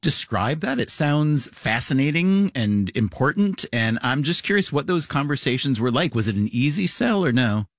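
A man's voice: mid-range voice, big pitch swings, no room sound. Curious male interviewer, dry sound. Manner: measured, curious questioning. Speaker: interviewer, host. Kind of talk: interview questions.

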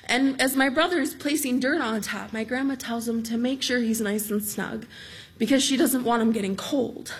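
A woman telling a true story on stage in a lively, amused, conversational way. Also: fairly high pitch, moderate pace.

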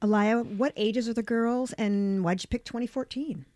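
A woman interviewing theater guests, introducing them in a composed, measured way. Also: a little high, warm tone, no room sound. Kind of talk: arts interview with scripted intro.

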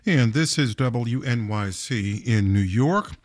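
A man's voice: mid-range voice, lively intonation, takes it slowly, darkish tone, no echo, clean studio sound. A man hosting a live morning radio show, introducing stories and interviewing a guest in polished announcer phrasing.

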